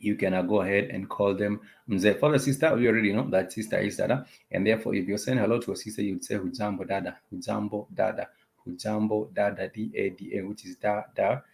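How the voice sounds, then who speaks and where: Gravelly low-voiced man teaching a lesson. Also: fairly even intonation, darkish tone. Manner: repeats words and phrases slowly, many "uh" pauses. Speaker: language teacher. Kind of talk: casual spoken lesson.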